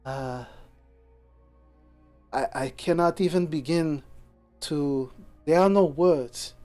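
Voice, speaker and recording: A man voicing a gentle, gracious noblewoman who speaks formally and earnestly, with halting phrasing, in a tabletop game. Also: fairly high pitch.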